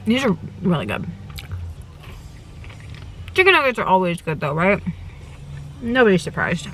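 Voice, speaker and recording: A woman's voice: lowish voice, big pitch swings, unhurried, slight background noise. A young woman chatting to her camera from inside a parked car, gushing and eating as she talks, often with her mouth full. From United States. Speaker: travel vlogger. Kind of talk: casual chat to camera while eating.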